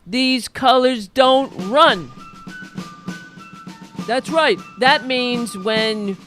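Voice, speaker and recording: A blustering, flag-waving patriot man with a put-on New York accent, as a woman puts him on, bellowing slogans in a satire rant. He sounds high for a man, and he talks slowly, leaning on each word. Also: a bit bright, soft background music. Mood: bombastic. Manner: bombastic, declaiming slogans.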